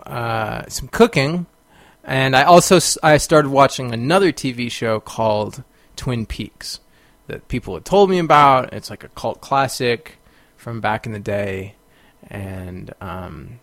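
A man's voice: medium pitch, creaky, fairly bright tone, no room sound. A man hosting a podcast, telling a story in a casual monologue, rambling with fillers and bursting into exclamations. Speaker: podcast host.

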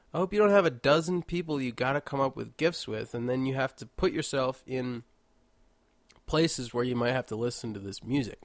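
A man's voice: medium pitch, no echo. A congested man hosting a casual solo monologue, rambling and jokey with mock-indignant asides, indoors at home. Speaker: podcast host.

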